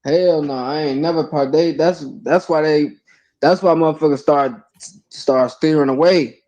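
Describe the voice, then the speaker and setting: A man's voice: fairly high pitch, steady tone, moderate pace, a little mellow, highs cut off. Blunt, profanity-heavy man telling stories. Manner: blunt, profane street talk. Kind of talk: casual storytelling.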